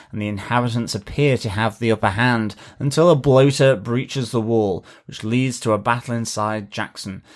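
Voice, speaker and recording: A man co-hosting a TV review podcast, reading a plot recap and then chatting with wry asides. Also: mid-range voice. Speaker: podcast co-host.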